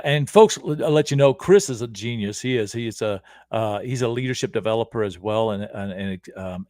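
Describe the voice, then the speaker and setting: A man's voice: fairly low pitch, a little mellow, no echo. A middle-aged man hosting a casual livestream, energetically coaching viewers on leadership and often checking in with "okay?". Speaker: leadership coach and show host.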